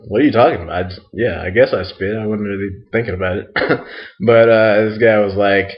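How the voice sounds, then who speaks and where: A young American man rambles in a loose, crude monologue, a little tipsy after a night out. He laughs often and leans on "like" and "um". His voice sits low, and the lo-fi home recording sounds dull. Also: fairly even intonation, normal speed. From United States.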